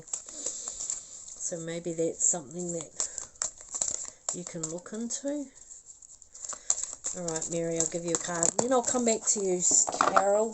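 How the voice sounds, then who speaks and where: A woman's voice: lowish voice, background noise. A woman doing a live psychic reading as a medium. She talks in a chatty, rambling way, laughs often and keeps apologizing.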